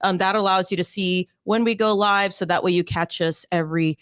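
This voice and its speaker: A woman's voice: on the low side, steady tone, a little fast, smooth, dry recording, clean studio sound. A woman hosting a casual live-stream talk show, bubbly, laughing often and repeating her phrases. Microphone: desk mic on a live stream.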